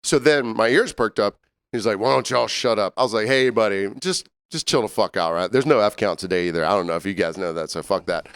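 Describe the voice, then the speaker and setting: A man, co-hosting a podcast and telling an animated, laughing story from his bartending job. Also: fairly low pitch, brisk, clean tone, no echo. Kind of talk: casual storytelling chat.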